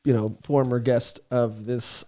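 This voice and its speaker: This young man, a podcast co-host, tells a comedic story in a mellow, medium-pitched voice with fairly even intonation and an unhurried pace. He rambles, curses, laughs often and keeps saying "dude," recorded on a studio podcast mic.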